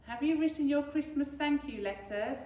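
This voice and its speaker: A loud, exasperated mum who nags and shouts, as a woman reads her part. The voice comes from off the mic. It has the echo of a roomy space. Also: mid-range voice, lively intonation, moderate pace, recorded from a distance, lightly acted. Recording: echoey room, away from mic.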